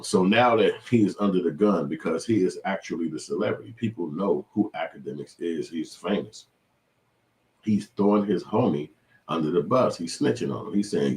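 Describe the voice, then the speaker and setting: Deep-voiced man giving indignant commentary. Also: animated, normal speed, a little mellow. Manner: indignant, lecturing. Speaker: commentary host. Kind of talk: reaction commentary.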